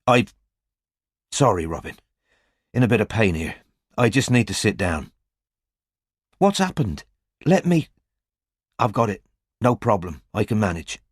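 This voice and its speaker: A man voicing a gruff, injured male private detective who talks bluntly and curses. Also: fairly low pitch, very animated, measured pace, long pauses, no room sound, clean studio sound, heavily acted. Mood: strained. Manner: blunt, swearing, curt.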